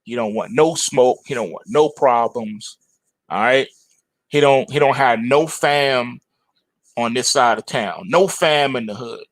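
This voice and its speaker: A man hosting an end-of-day trading report, talking about the charts in animated, slangy commentary and joking about them as if they were people. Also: medium pitch, measured pace, no echo. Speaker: trading show host.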